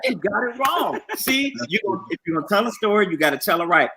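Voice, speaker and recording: A man co-hosting a casual chat, giving defensive, lively pushback. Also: sits high, quick pace, a loud crowd. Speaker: co-host.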